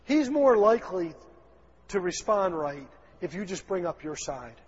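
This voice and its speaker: Southern male pastor, husky tenor, folksy sermon, lo-fi recording in a reverberant sanctuary. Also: sits high, sing-song, a little slow. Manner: folksy, acts out little dialogues, chuckles. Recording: dull, lo-fi sound in a long-echo hall.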